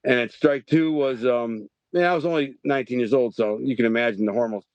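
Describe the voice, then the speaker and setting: A middle-aged man from Detroit tells a long story as a podcast guest, jumping back and forth and restarting his sentences. His voice sits at a medium pitch. The recording is dry and a little dull. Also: fairly quick, no echo. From Detroit, Michigan. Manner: animated, rambling storyteller with frequent restarts. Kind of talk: storytelling interview.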